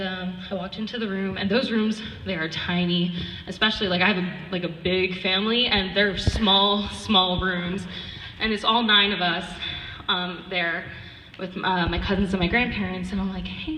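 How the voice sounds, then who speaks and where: A woman's voice: mid-range voice, pushed and bright, echoey room, big-room sound, recorded from a distance, a little hiss or hum, rough recording. A teenage girl giving a casual personal speech at a charity event, chatty and full of "like", acting out quotes as she goes. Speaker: student speaker at a charity event.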